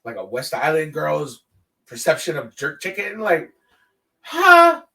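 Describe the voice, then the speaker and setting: A podcast host with a voice on the high side and some vocal fry talks at a moderate pace into a distant mic. Telling stories by himself, he's animated and profane, voicing the people he met in quoted dialogue.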